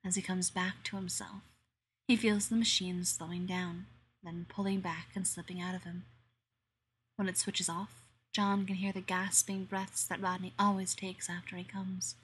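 A woman narrating an erotic audio story in a slow, intimate manner that slips into whispers. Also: fairly low pitch, little pitch movement, a bit bright, slight background noise.

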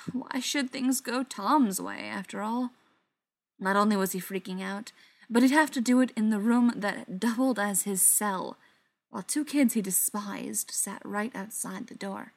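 A woman reads a novel aloud in an even, mid-pitched voice. Her delivery is steady and dramatic, and some quieter passages sink to a near whisper. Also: unhurried, gravelly. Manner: steady, dramatic reading with soft, hushed passages. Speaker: narrator. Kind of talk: audiobook narration.

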